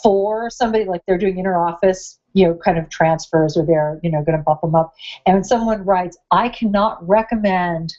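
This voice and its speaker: A woman's voice: on the low side, brisk, dark tone. A woman co-hosting a podcast, chatting casually and telling stories while she is sick. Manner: chatty, laughing storyteller. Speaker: podcast co-host, writing coach. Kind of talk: casual chat. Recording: slightly muffled sound.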